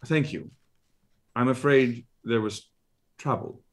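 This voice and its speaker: A meek, deferential drow servant in a tabletop game, flustered and apologetic toward his master, voiced by a man. The voice drops softer and quieter than the narration. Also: medium pitch, takes it slowly.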